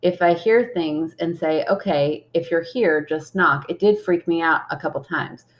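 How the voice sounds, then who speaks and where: A woman's voice: deep voice, normal speed. A young woman co-hosting a podcast, chatting casually and reading listener messages aloud, laughing often. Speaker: podcast co-host.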